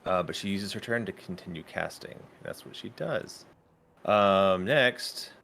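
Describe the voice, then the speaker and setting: A man running a tabletop game as game master, pausing with ums while he checks rules. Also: low-pitched, animated, gravelly, pushed and bright.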